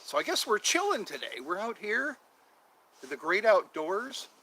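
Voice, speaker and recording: Hosting a relaxed outdoor livestream, a man with a high, pushed, bright voice and huge pitch swings talks at normal speed, meandering through jokes and drawing out certain words. It's a low-quality recording with slight background noise.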